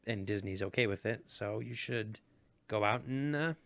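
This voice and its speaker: A man's voice: fairly low pitch, gravelly, a bit bright. Eager, joking young man. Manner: eager, joking, quick to laugh. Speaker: podcast co-host. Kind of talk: casual chat.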